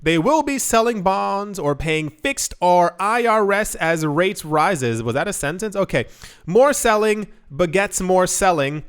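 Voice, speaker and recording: A man's voice: high-pitched, expressive, measured pace, clear, resonant tone. A young man hosting a crypto news show, talking in a loose, rambling way with many asides and self-corrections. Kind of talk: casual news commentary.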